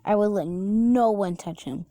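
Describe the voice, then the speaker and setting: A woman's voice: mid-range voice, unhurried, warm tone, no room sound, natural voice. A woman voicing a grumpy sulky boy. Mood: softened.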